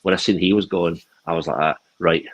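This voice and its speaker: A man's voice: sits low, fairly even intonation, fairly quick, muffled recording. A man telling a long rambling anecdote in casual chat over a video call, with many restarts. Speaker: co-host.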